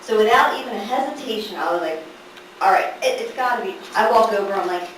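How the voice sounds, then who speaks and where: A middle-aged woman telling a family story to a live audience, animated and laughing through the funny parts. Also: medium pitch, fast talker. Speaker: daughter telling a story at a gathering. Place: large echoey room at a family gathering. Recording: echoey room, far from the mic, background noise.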